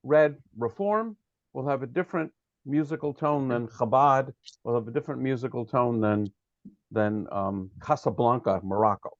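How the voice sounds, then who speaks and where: A man's voice: medium pitch, normal speed, dry recording, muffled recording. A man teaching a prayer study class over a video call, patiently explaining Hebrew text and checking that his students follow.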